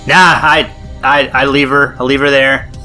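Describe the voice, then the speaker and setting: A man co-hosting a casual podcast, jokey and quick with a wisecrack. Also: medium pitch, flat delivery, pushed and bright, faint music behind. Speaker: podcast co-host.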